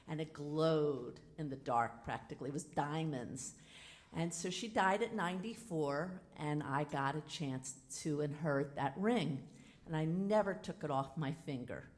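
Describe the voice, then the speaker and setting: A woman with a somewhat low voice tells a personal story live from a theater stage. She is frank and animated, acting out each exchange dramatically. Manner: animated, dramatic retelling with quoted dialogue; casual and frank. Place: theater stage before an audience.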